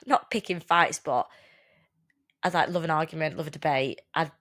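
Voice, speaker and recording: A woman, co-hosting a casual podcast chat, blunt and sweary and quick to laugh. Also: low-pitched, fairly even intonation, fairly bright tone. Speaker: podcast co-host.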